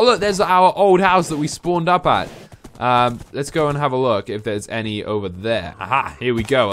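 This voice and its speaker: A young man talks his way through a video game, casual and rambling, with an ordinary mid-range voice. A faint hiss of noise sits under the recording. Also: a bit bright. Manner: chatty, jumps to high-pitched yelps when startled. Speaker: gaming channel host. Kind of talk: let's-play gameplay commentary.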